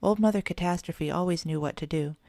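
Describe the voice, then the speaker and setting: A woman narrating a children's storybook in a steady, gentle read-aloud manner. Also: fairly low pitch, fairly quick, dry recording, studio quality. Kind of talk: storybook reading.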